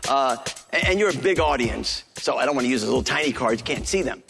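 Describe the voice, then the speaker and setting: A man from New York with a New York accent, a joking, fast-talking street magician doing stage patter in a TV theater. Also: mid-range voice, expressive, gravelly, fairly bright tone. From New York City. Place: TV theater stage before a live audience. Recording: stage audio with crowd and music. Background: audience laughter and show music.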